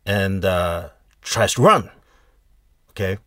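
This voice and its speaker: Slow, deep-voiced man telling a folk tale. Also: lively intonation, sharp tone, no room sound, studio quality. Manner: unhurried, halting retelling with fillers and restarts. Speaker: storyteller. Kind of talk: casual folk tale storytelling.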